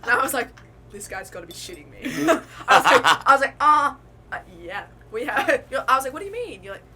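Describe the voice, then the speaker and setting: Australian woman, 20s, high and bright, swears and acts out stories in casual chat. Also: sing-song, fairly quick. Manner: swears freely, acts out quoted voices. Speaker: college student, podcast guest. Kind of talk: casual chat, animated storytelling.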